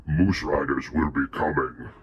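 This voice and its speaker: A man's voice: very deep voice, steady tone, measured pace, muffled recording, pitched below the performer's own voice. A man voicing a brutish male hill giant chieftain who barks short commands in broken, caveman-style grammar. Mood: commanding. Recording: loud background noise.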